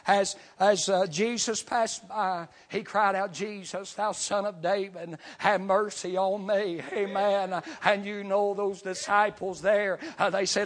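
A man, preaching a revival sermon. He tells his testimony in short rhythmic bursts, tagging almost every phrase with "amen". He climbs to full shouts and then drops to hushed, low lines. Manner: swings from shouting to near whisper.

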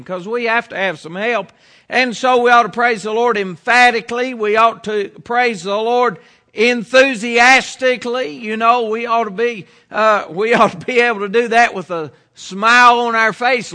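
A man's voice: high voice, bright, forceful tone. A middle-aged preacher from the United States delivering a sermon in an earnest, emphatic way, repeating his points.

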